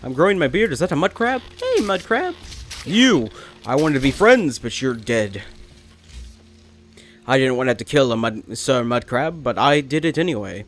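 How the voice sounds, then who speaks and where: A man's voice: medium pitch, lively intonation, moderate pace. A young adult man hosting a let's play, rambling and making sarcastic jokes at the game characters. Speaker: gaming channel host.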